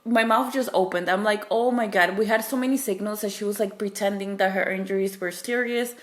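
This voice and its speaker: A book reviewer speaking a little fast in a steady, medium-pitched voice gives a casual recap of a novel that spoils the plot. Her delivery rambles with fillers and restarts, and she acts out what the characters say.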